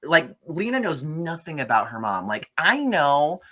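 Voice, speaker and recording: A man hosting a casual movie review chat, sarcastic and animated, mocking the film with quick impressions. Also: on the high side.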